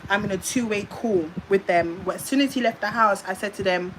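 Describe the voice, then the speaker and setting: A young woman with a British accent tells a winding personal story on a phone livestream, circling back and trailing off into repeated filler sounds. Her voice sits at an ordinary middle pitch. A faint background hiss runs under her words. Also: fairly quick, fairly bright tone, rough recording. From United Kingdom.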